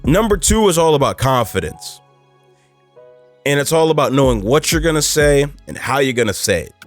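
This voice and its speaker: Podcast host, male, mid-range voice, loose, emphatic delivery full of fillers, faint music in the background. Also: medium pitch. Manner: casual and emphatic, many fillers, rising for stress. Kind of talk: motivational podcast monologue.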